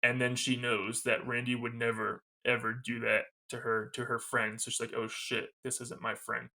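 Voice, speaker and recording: A man's voice: mid-range voice, level tone, moderate pace, vocal fry, sharp tone. A man co-hosting a podcast, recapping a movie scene in casual chat, quoting its lines and laughing often. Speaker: podcast co-host.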